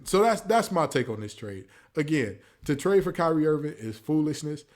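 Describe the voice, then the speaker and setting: A man's voice: fairly high pitch, normal speed, few pauses. A man hosting a casual sports talk show, ranting with mock quotes. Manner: animated, preachy rants with mock quotes. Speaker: podcast host.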